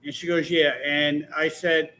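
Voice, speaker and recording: Talk show guest, man, animated storyteller, bright slightly high voice, rambling delivery. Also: unhurried.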